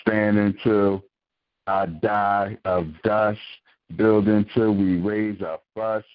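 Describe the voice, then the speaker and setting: A man's voice: fairly low pitch, little pitch movement, takes it slowly, no room sound. A man from Philadelphia calling in to recite a spoken-word poem with a rhythmic, punchy delivery. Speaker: caller, poet. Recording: dull, lo-fi call-in line.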